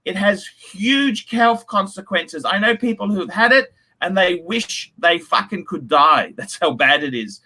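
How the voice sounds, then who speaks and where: A man's voice: high voice, animated, measured pace, few pauses, sharp tone. A man hosting a casual livestream, reading donations and ranting bluntly with lots of swearing. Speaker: livestream host.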